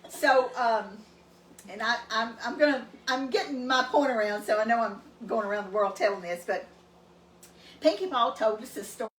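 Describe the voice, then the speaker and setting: A Southern-accented woman from East Texas tells family stories in a rambling, folksy way, often laughing as she goes. Her voice sits a little high. She sounds a bit distant in an echoey room, with a faint hiss underneath. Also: normal speed. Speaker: cooking show co-host. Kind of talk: casual storytelling.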